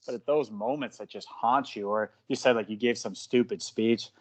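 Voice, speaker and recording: A male jiu-jitsu coach tells stories against himself in an easygoing podcast chat. His voice sits at an average pitch, and his delivery is loose and conversational. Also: fairly even intonation, moderate pace. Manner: storytelling, self-mocking.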